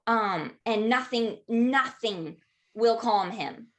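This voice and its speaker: A woman in her thirties, a podcast guest, telling stories in a lively way with frequent "um" fillers. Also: a little high, slow pace. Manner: lively, frequent "um" fillers, acts out quoted voices. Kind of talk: conversational storytelling.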